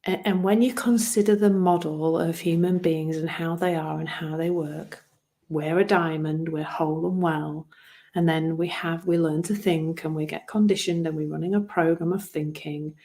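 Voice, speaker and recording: Earnest woman with a lowish voice. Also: steady tone, normal speed, warm tone. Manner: earnest, self-deprecating, laughs at herself, repeats words while searching for phrasing. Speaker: wellbeing coach. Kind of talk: reflective solo talk.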